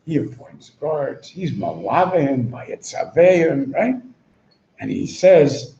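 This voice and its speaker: A man giving a Torah lecture as an animated, joking storyteller who acts out quotes and drops in Hebrew and Yiddish words. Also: fairly high pitch, slow pace, vocal fry. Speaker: Torah teacher. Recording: roomy, dull recording, faint hum.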